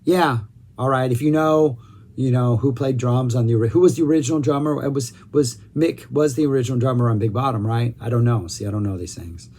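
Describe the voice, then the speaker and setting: A man's voice: medium pitch, brisk, a little mellow. A man with a mid-range voice hosts a casual music review. He talks with rambling enthusiasm and often stops to correct himself before pushing on.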